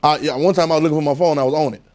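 A man with a Southern US accent preaches a sermon, chatting with the congregation and coaxing them to answer back. His voice sits a little high for a man. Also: steady tone, very fast, darkish tone. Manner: conversational call-and-response preaching, coaxing the audience.

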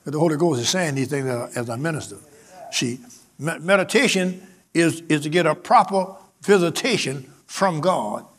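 A high-pitched male preacher, delivering a sermon. He repeats his phrases, builds up the emphasis and calls out to the congregation as he goes. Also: fairly bright tone. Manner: preaching with swelling emphasis and repetition, calling out to the congregation. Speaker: pastor.

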